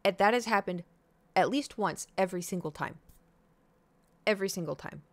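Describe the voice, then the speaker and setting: A woman in her thirties telling a story to her stream viewers in a casual chat, animated and full of swearing, acting out her own reactions. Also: medium pitch, normal speed, no room sound. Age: 30s. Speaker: livestreamer.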